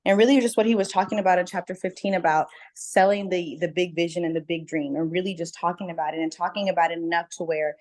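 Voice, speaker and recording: A woman's voice: fairly low pitch, fairly even intonation, fast, hardly any pauses, a little mellow. A woman on a group call, speaking earnestly and emphatically, repeating words for stress. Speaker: book club member about to host an event. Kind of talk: casual call sharing. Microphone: video call.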